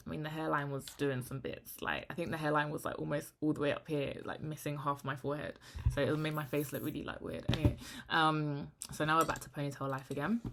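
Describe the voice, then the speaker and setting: A young woman, talking frankly to camera in a rambling, animated vlog. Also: sits low, a little hiss or hum. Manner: rambling, frank and animated, often trailing into hushed asides. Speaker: vlogger.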